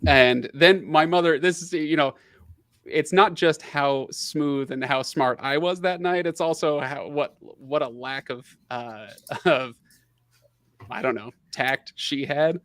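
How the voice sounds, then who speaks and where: A middle-aged man hosting a casual livestream, telling a long personal story in an animated way, laughing often and leaning on fillers. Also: on the high side, slow pace, no echo. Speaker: livestream host.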